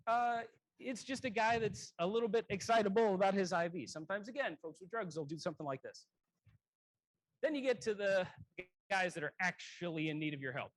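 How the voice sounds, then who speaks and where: A man giving a casual emergency medicine lecture, conversational and self-correcting, often clearing his throat. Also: high-pitched, dry recording, poor audio.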